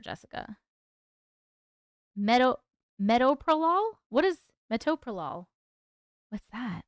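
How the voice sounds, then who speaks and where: A woman's voice: sits high, a bit bright, dry recording, clean studio sound. A woman hosting a casual livestream, chatting with viewers, laughing often and stumbling over hard words. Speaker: livestream host reading viewer stories.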